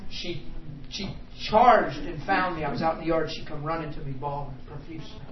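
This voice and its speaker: A man's voice: fairly high pitch, fairly quick. Man preaching his testimony in a hall. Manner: swings from hushed confession to loud laughing exclamations. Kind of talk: sermon testimony. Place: church hall. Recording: echoey, distant, dull sound with noise.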